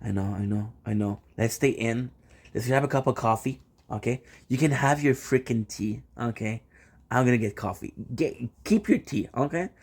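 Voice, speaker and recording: A man's voice: medium pitch, moderate pace, darkish tone, slightly rough. Playful man teasing his stream chat. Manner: playful, teasing, repeats phrases in runs. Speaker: live streamer chatting with viewers. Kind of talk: casual chat.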